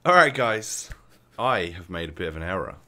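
A man hosting a casual gaming video, playful and quick to laugh as he chats with his guest. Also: low-pitched, sing-song, pushed and bright. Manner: playful, laughs often, brisk. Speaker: host.

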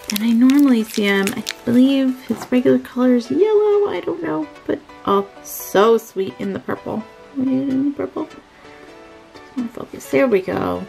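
A woman's voice: high voice, creaky, a little mellow, low-quality recording. A woman narrating a toy unboxing in a sweet, gushing, sing-song way.

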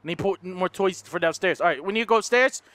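High-voiced excitable guy yelling through a horror game, bright sharp tone, talks himself through it. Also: fast talker, no echo, clean studio sound. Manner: excitable, shrieks and swears at game scares; narrates his moves to himself. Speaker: gaming YouTuber. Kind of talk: let's play commentary.

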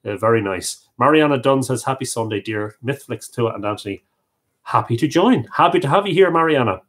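A man's voice: mid-range voice, lively intonation, fairly quick, fairly bright tone. A man with an Irish accent hosting a live stream, reading out viewer comments and welcoming each one by name with Irish greetings. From Ireland. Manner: friendly, reads names aloud and greets viewers with Irish phrases. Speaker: livestream host.

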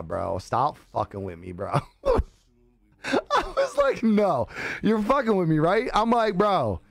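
On a live stream, a man tells a story in casual chat, animated and laughing often as he acts out the voices he quotes. His voice is high-pitched, and the recording is dry.

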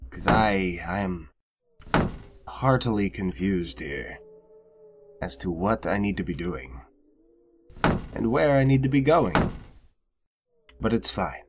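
Slow-talking exasperated young gamer guy. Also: lowish voice, noisy background. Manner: casual, swearing, easily exasperated. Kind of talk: let's play commentary.

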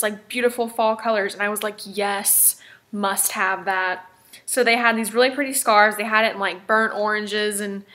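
A woman's voice: fairly high pitch, sharp tone. A young woman chatting casually in a haul vlog, talking about her purchases and filling her speech with "like". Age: young adult. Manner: chatty, lots of "like" fillers. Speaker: fashion vlogger.

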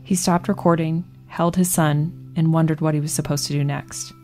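A woman calmly narrating a scripted piece of narrative journalism. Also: low voice, normal speed, soft background music.

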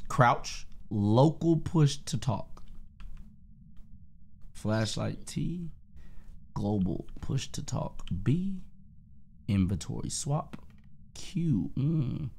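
A man streaming a game with friends, reading tutorial text aloud in a loud, blunt, casual way and swearing freely. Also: mid-range voice, vocal fry, slightly rough.

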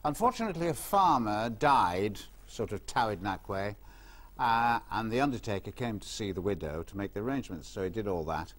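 A man's voice: lowish voice, lively intonation, brisk, fairly bright tone. A man telling jokes as a guest on a quiz show. He puts on voices for his characters and chuckles at his own punchlines. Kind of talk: anecdotal joke telling.

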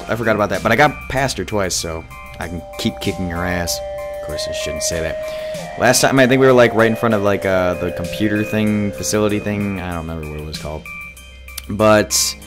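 A man doing let's play commentary of a horror game from his home studio, breaking into panicky screams and loud swearing. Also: lowish voice. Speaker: gaming YouTuber. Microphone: desk mic, no webcam. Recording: game music playing behind. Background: game music.

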